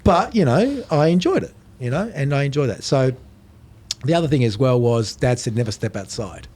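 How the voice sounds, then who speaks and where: A man's voice: medium pitch, normal speed, a little hiss or hum. A middle-aged man, a podcast guest telling stories in casual chat. He swears freely and acts out the voices of people in his stories. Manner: animated storyteller, swears, acts out quoted voices.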